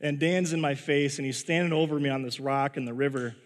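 Chatty preacher man in a reverberant hall. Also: fairly high pitch. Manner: chatty, halting restarts, laughs at his own story. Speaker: pastor. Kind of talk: sermon with personal storytelling. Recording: long reverb of a large hall.

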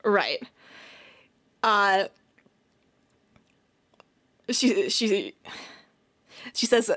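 Woman player, sarcastic and profane, animated pitch, slow delivery. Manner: swears often, sarcastic. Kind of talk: tabletop role-play, casual chat.

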